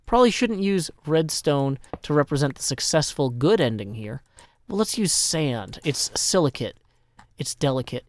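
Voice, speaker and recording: Man, Southern US accent, middle pitch, playful game commentary, dry close sound. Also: no echo. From Nashville, Tennessee. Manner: playful, chatty, explains as he goes. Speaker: host.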